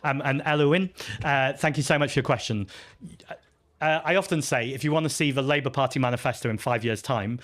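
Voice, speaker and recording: A man's voice: mid-range voice, brisk, fairly bright tone. A man, a party leader, answering audience questions at a live festival Q&A in an earnest, chatty, self-deprecating way, with frequent ums and restarts.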